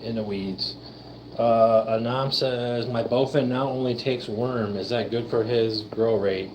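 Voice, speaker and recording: A man's voice: medium pitch, fairly even intonation, unhurried, darkish tone. Laid-back man chatting in a noisy fishroom. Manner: laid-back, chatty, talks to his fish. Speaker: livestream host. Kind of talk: casual live-stream chat. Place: fish room with aquarium tanks.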